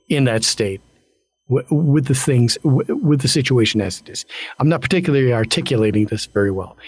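A man in casual conversation, supportive and reassuring, pausing and restarting as he searches for words. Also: mid-range voice, darkish tone, no room sound. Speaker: conversation partner.

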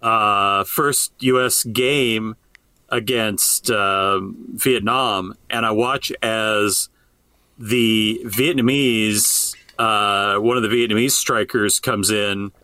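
A man co-hosting a political podcast in casual chat, expressive and quick to back up his partner. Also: on the low side, dry recording. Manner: expressive, backs up co-host with quick agreement. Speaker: podcast co-host.

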